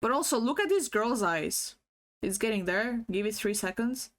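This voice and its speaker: High-voiced rambling woman streamer. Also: expressive, measured pace, a bit bright. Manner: rambling, giggly, swears freely; many fillers and restarts. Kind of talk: casual livestream chat. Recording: faulty stream audio.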